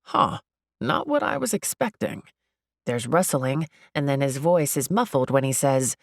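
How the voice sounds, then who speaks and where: Low gravelly woman narrating an audiobook. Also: big pitch swings, a little slow, no room sound, studio quality. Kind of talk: first-person audiobook narration.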